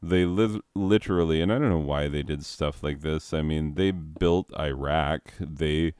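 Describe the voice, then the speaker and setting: A teacher hosting a gaming video talks casually in a very deep, slightly mellow, smooth voice, a little slowly, on a dry, clean studio recording. He rambles into long history tangents with jokes, laughs at his own humor, and mocks things in silly put-on voices.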